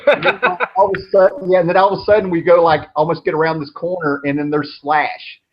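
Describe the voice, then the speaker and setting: A man in his thirties spins long, meandering stories with a laid-back ease and a habit of swearing. His voice sits a bit high for a man. The recording is dull and lo-fi, with a faint noise underneath. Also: flat delivery, quick pace. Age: 30s. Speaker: show host. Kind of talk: casual storytelling chat.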